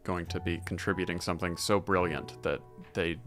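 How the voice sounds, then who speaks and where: A man's voice: low voice, little pitch movement, brisk, fairly bright tone, soft background music. A man co-hosting a livestream Q and A, reading viewer questions in a dry, matter-of-fact way. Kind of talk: casual livestream Q and A.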